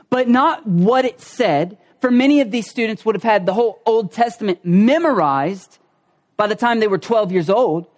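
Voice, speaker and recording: A middle-aged man with a Southern Ohio accent preaching a sermon as pastor, folksy, repeating key phrases and asking the congregation questions. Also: sits high.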